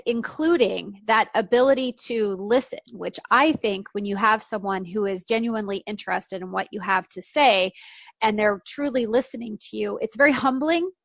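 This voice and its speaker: A woman's voice: mid-range voice, creaky, dry recording. A woman co-hosting an interview, asking a long, winding question of a guest. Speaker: co-host.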